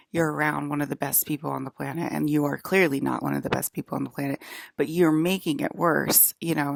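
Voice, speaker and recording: A woman's voice: low-pitched, creaky, dry recording, clean studio sound. A woman in a casual, rambling vlog monologue, ranting with exasperation and filling her talk with "like" and restarts. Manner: filler-heavy, frequent "like", restarts. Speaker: vlogger.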